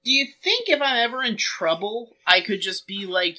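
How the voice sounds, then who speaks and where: A woman's voice: mid-range voice, big pitch swings, normal speed, pushed and bright. A woman co-hosting a podcast, chatting casually with dry joking asides. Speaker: podcast co-host. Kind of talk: casual chat.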